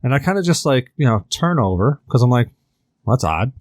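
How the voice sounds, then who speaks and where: A man's voice: medium pitch, fast talker, no echo, studio quality. A man on a podcast telling a long story in a casual, rambling way, full of fillers and acted-out quotes. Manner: animated, rambling with many fillers. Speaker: podcast host.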